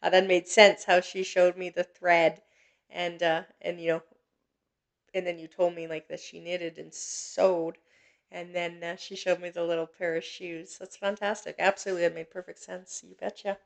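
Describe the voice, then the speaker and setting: Soft-spoken woman with a gravelly flat voice. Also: on the low side. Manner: gentle, reassuring, halting with many fillers. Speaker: psychic medium host. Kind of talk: live-stream reading, casual chat.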